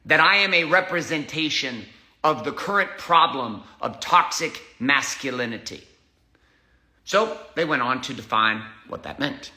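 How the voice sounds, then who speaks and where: A man's voice: fairly high pitch, expressive, moderate pace, pushed and bright, reverberant. A man hosting a motivational monologue, intense and combative, swearing often and hammering short repeated phrases. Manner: punchy emphatic delivery with short repeated phrases. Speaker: host.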